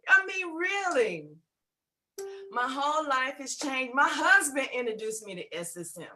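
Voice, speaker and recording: A woman's voice: high-pitched, very animated, unhurried, sharp tone, soft background music. A woman in her fifties giving an exuberant, exclaiming testimonial as a guest on a webinar, with a preacherly way of talking. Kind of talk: enthusiastic testimonial.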